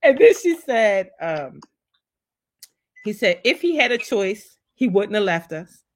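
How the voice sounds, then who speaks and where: A woman in her forties telling personal stories in a casual, heartfelt conversation, acting out what people said with big pitch jumps. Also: slow pace. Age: 40s. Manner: animated storyteller, acts out voices with big pitch jumps.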